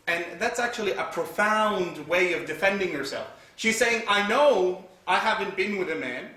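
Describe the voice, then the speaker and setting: A man's voice: sits high, lively intonation, normal speed, few pauses, sharp tone. A man giving a religious lecture, retelling scripture vividly and reciting Arabic verses between his English. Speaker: Islamic teacher. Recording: echoey hall from far off.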